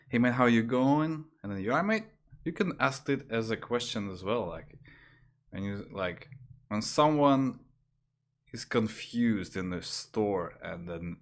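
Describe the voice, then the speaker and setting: A man teaching slang on a livestream, talking hesitantly with fillers and restarts, jumping higher when he imitates phrases. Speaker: language teacher. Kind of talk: casual livestream lesson.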